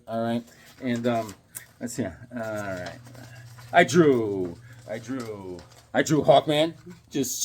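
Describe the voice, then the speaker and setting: Rambling, chuckling man with a lively voice. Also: medium pitch. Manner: rambling, chuckling, full of fillers and self-talk. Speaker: comics vlogger showing his drawings. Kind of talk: casual rambling show-and-tell.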